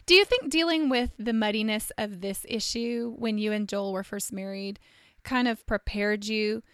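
A woman's voice: mid-range voice, normal speed, clear, resonant tone, no echo, clean studio sound. A woman hosting a podcast, a nurse, bubbly and laughing often as she talks with her guest. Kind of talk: faith podcast conversation.

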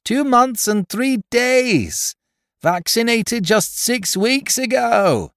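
A man voicing an excited young mother who blurts short, shrill exclamations. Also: moderate pace, no echo, studio quality. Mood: shrieking proud.

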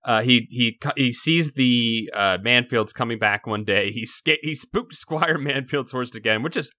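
A man co-hosting a podcast, recapping a story in casual chat, animated and laughing, often swearing. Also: mid-range voice, normal speed, no room sound, studio quality. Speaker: podcast co-host.

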